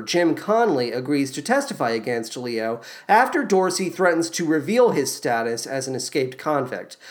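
A man hosting a podcast, reading a scripted musical theatre recap in a playful way with quick asides. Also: a little high. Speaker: podcast host.

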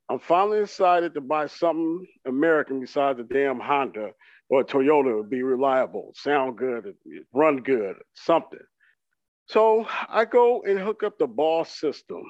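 A man co-hosting a podcast, delivering a comedic rant in an animated, mock-boastful way and acting out his own excitement. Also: medium pitch, no echo, highs cut off. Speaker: podcast co-host.

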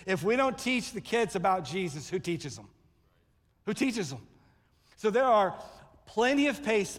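A man preaching a sermon from the pulpit, his voice sitting high. He tells stories and acts out the people in them with sudden loud bursts. The sound carries a long reverb from the church hall. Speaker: pastor. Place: church sanctuary.

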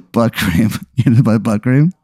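Mellow man narrating a rambling hypothetical. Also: mid-range voice, husky, no room sound, clean studio sound. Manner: rambling, full of "like" and "kinda". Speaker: host running an improvised hypothetical. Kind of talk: improvised comedic storytelling.

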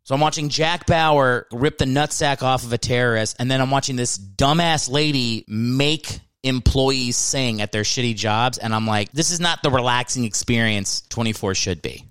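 A man's voice: mid-range voice, normal speed, hardly any pauses, fairly bright tone, clear, resonant tone, dry recording. A man hosting a comedy podcast, rambling through a ranting monologue with bursts of mock outrage. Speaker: podcast host.

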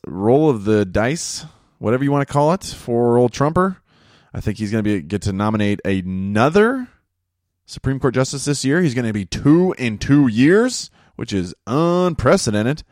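A man hosting a casual monologue, rambling and crude, joking and laughing at his own jokes, jumping high in pitch when he gets worked up. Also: lively intonation, a little slow, a little mellow, no room sound, studio quality.

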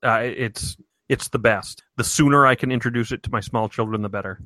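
A man's voice: medium pitch, brisk, bright, forceful tone, no echo. A man in his thirties, co-hosting a casual chat and enthusing while listing things off. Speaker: podcast co-host.

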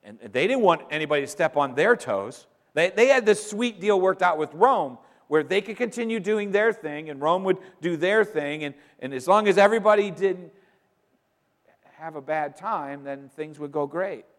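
Preacher, male, fairly high voice, emphatic, swings loud to hushed, long hall reverb. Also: expressive, moderate pace. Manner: emphatic, swings between loud declarations and quiet asides. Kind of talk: sermon.

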